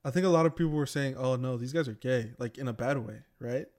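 A man's voice: mid-range voice, fast talker, a crowd in the background. Young man joking on a podcast. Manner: joking, rambling, many fillers. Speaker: podcast co-host. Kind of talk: casual podcast chat.

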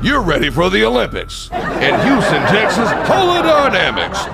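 A man putting on the voice of a brash radio ad announcer with a booming pitchman delivery. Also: huge pitch swings, moderate pace, gravelly, over a noisy crowd, exaggerated voice. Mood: hyped. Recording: loud music bed behind voice. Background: loud music.

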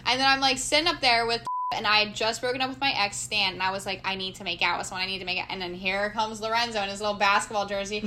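A young woman in her twenties telling a funny story in casual chat, animated and often laughing. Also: mid-range voice, quick pace, hardly any pauses, slight background noise.

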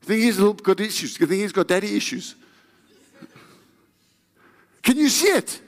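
A man's voice: high-pitched, animated, normal speed. A man preaching a sermon, emphatic and constantly asking the congregation questions. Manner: emphatic, addresses the crowd with frequent questions. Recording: echoey hall with long reverb.

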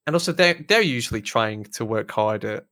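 A young man in casual podcast chat, blunt and animated, swearing freely. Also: mid-range voice, moderate pace. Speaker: podcast co-host.

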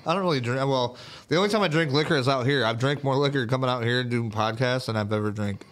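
A man's voice: medium pitch, quick pace. A man co-hosting a live-stream podcast, chatting loosely and swearing in casual banter. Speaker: podcast co-host.

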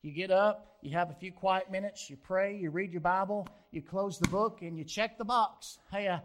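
A middle-aged man, a pastor, preaching a sermon earnestly, slowing down for emphasis and rising into loud pleas. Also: high-pitched, slight background noise.

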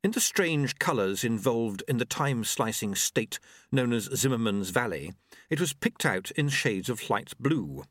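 A man narrating a novel in an expressive storytelling manner. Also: medium pitch, a little slow, no echo, studio quality. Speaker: audiobook narrator. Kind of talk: scripted narration.

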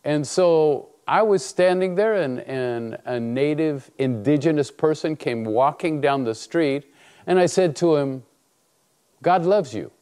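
Male preacher with a warm, mellow voice who tells stories in a sermon and acts out the dialogue. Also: a little high, measured pace, clear, resonant tone. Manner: animated storytelling, acts out dialogue. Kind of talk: sermon with personal story.

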